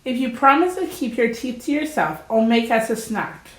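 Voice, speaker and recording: A woman voicing a clever, bossy female groundhog in a storybook reading, brisk and chirpy. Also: on the high side, animated, voice pushed up, natural voice. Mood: scolding. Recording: roomy echo.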